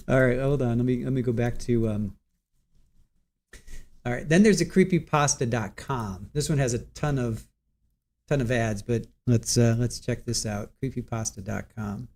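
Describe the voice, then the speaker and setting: A man's voice: mid-range voice, normal speed, a little mellow. A man in his forties hosting a casual livestream, rambling, stumbling over words and reading viewer comments aloud. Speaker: livestream host.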